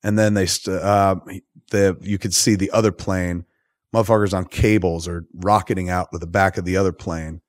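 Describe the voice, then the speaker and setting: A man's voice: deep voice, steady tone, normal speed, no echo. A man hosting a podcast, recapping a film in a profane, rambling and enthusiastic way. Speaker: podcast host. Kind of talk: casual movie recap.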